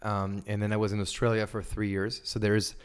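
A man in his twenties with a French accent, a guest chatting casually in an interview, animated and full of fillers and restarts. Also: lowish voice, brisk, clean tone. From France. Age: 20s. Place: indoors over wine.

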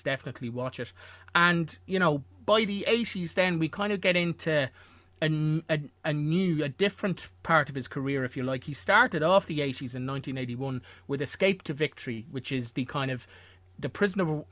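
A man's voice: on the high side, bright, forceful tone, no echo. A man hosting a casual film podcast, rambling through a career with asides and restarts. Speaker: podcast host.

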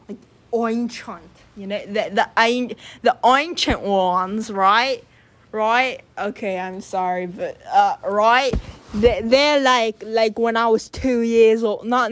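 A woman's voice: on the high side, no room sound. A woman hosting her own channel, chatting in a casual, rambling monologue full of filler words and restarts. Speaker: channel host.

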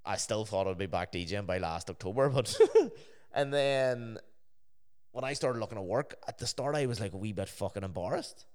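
Smooth-voiced man in casual podcast chat. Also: lowish voice, expressive, moderate pace, a little mellow. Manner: swears freely, quotes others in chatty asides. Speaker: podcast co-host and DJ.

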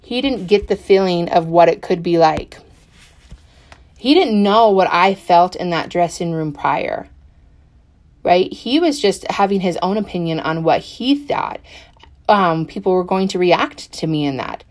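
A middle-aged woman telling a personal story in a chatty, animated way, full of fillers and acted-out quotes. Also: on the low side, a little slow. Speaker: podcast guest.

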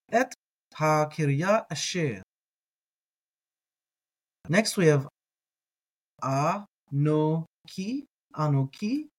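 A man teaching a reading lesson, patiently repeating each word slowly for listeners to echo. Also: fairly high pitch. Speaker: language teacher.

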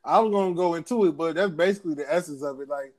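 A man co-hosts a casual talk with a slightly raised pitch. He sounds laid-back, and he swears freely and jumps in over the others. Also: racing. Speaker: podcast co-host. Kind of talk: casual chat.

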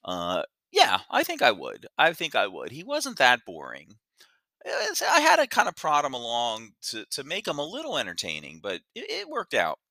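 A man's voice: mid-range voice, huge pitch swings, moderate pace, bright, forceful tone, dry recording. A man hosting his own podcast, rambling casually and stumbling over his words with self-deprecating asides. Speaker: podcast host. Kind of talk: casual solo podcast monologue.

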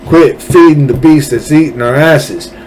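A man's voice: a little high, a little slow, darkish tone, faint music behind, poor audio. A man hosting a political podcast, ranting angrily with sarcasm and profanity. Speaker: podcast host. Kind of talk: political commentary rant.

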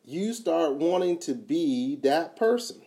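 A man's voice: on the high side, lively intonation, slow pace. Emphatic motivational speaker, man. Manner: emphatic, repeats key phrases, swings from quiet to loud. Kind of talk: motivational talk.

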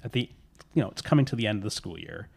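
Male podcast storyteller, slightly low voice, loose and self-correcting. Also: lively intonation, very fast, vocal fry, husky. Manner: rambling, many fillers, self-correcting. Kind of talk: casual storytelling chat.

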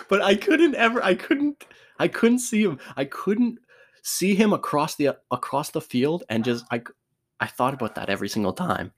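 A man's voice: high-pitched, big pitch swings, a little slow. A young man telling a sports story casually, laughing often, swearing and restarting his sentences.

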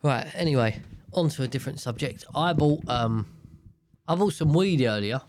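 Over a noisy background, a young solo podcaster rambles casually by himself, cursing frequently and interrupting his own thoughts. His voice sits at medium pitch, animated, moving at a moderate pace.

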